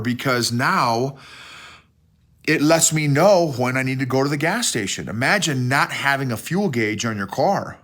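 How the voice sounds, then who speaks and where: Folksy man talking outdoors. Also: medium pitch. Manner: folksy, animated, repeats and restarts words. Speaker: leadership coach and podcast host. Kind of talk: casual outdoor talk to camera. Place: outdoors in snow.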